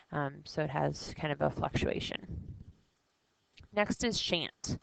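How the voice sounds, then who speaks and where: A woman's voice: sits low, fairly even intonation, takes it slowly, gravelly, no echo, highs cut off. A woman teaching vocabulary, reading lines from a novel and explaining each word in a casual way with small fillers.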